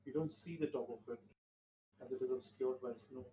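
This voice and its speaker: A man narrating a tabletop game as game master, describing scenes in a measured way with restarts. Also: medium pitch, fairly even intonation, dark tone, a little hiss or hum. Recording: roomy distant mic with faint ambience.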